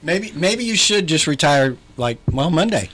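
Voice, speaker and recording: A man's voice: a little high, very animated, a little slow, noisy background. Teasing radio co-host man. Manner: teasing, dry asides. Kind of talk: casual on-air banter. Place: radio studio.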